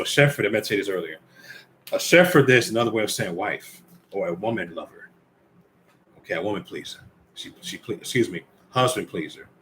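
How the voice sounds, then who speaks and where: A man's voice: lowish voice, fairly bright tone, slight background noise. A man giving informal Bible teaching, reading scripture aloud and commenting conversationally while speaking directly to the brothers and ladies listening.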